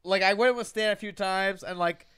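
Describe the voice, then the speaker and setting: Young male co-host, high and smooth voice, animated storyteller who acts out others' lines. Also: normal speed. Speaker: podcast co-host. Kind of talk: casual chat.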